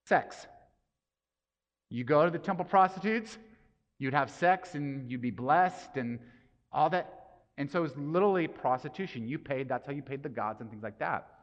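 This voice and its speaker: Casual preacher in a reverberant hall. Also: male voice, fairly high pitch, moderate pace. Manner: casual, conversational preaching with rhetorical questions. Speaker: pastor. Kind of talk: sermon. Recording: dull sound with long hall reverb.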